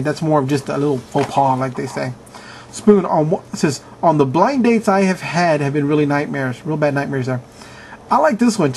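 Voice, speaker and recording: Man, casual commentary, chuckling, mock-outraged, slightly high voice, light background hiss. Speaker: video host reading answers. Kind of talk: casual commentary reading aloud.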